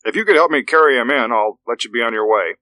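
A man's voice: medium pitch, quick pace, bright, forceful tone, no echo, natural voice. A man voicing an old country veterinarian who talks in a soothing, folksy way in an audiobook drama. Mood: reassuring. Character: kindly old male country vet.

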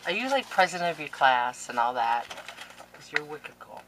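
A middle-aged woman, opening mail on camera in a casual vlog, gushing and excitable. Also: low-pitched, moderate pace, background noise. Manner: gushing, excitable, laughs and gasps often. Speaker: crafting vlogger.

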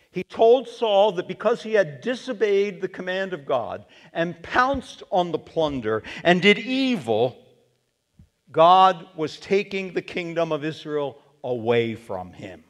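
Pastor guy preaching, acts out the quotes, high lively voice, long church echo. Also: slow pace. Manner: animated, acts out the quotes he reads. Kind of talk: sermon. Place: church sanctuary. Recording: long reverb of a church sanctuary.

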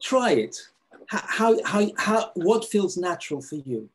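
A man's voice: high-pitched, sing-song, a little slow, breathy edge. A man presenting a live webinar over a video call, eager and full of fillers and restarts. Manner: enthusiastic, with many fillers and restarts. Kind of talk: teaching a live online webinar.

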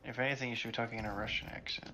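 A man's voice: medium pitch, steady tone, racing. A man chatting casually with his sister while playing a shooter game, giggling often. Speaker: gaming partner, host's brother. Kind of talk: casual gameplay chat. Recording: noisy background with clicks.

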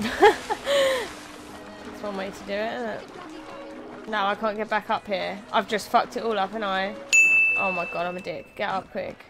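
A woman's voice: mid-range voice, steady tone. A woman streaming a video game live, commenting as she plays, swearing freely and bursting out in frustration. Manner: swears often, quick angry outbursts. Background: game music.

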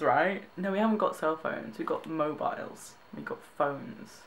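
Slow, amused woman vlogger. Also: sits low, lively intonation. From Britain. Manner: amused, laughs often, trails off and restarts. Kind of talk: casual reaction commentary.

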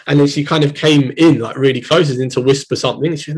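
A young man with a London accent, a poet giving a reading and talking between poems in a measured, reflective way. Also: fairly high pitch, fairly even intonation, husky, rough recording. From Britain. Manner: measured, reflective, hesitant asides. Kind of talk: poetry reading with spoken asides.

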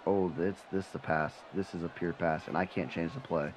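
A man giving live commentary on his own football video game, muttering one moment and shouting and swearing the next. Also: brisk, noisy background. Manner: swings from low mutter to excited yelling, swears when frustrated. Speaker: gaming channel host.

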